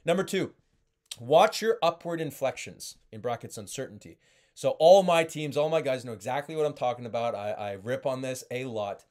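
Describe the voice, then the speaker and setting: A man giving a sales training talk, speaking at an ordinary mid-range pitch. He coaches with emphasis and pushes his voice up for key points. He keeps checking in with his listeners as he goes. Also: animated, moderate pace, darkish tone.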